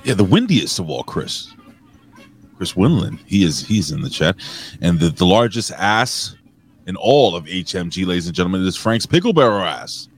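A man co-hosting a casual podcast, joking loudly and giving shout-outs to viewers in the chat. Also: low voice, very animated, moderate pace. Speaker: co-host.

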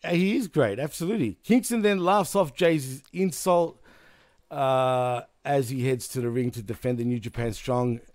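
A man's voice: medium pitch, moderate pace, a little mellow, no echo, clean studio sound. A male host recapping events in casual chat, laughing often.

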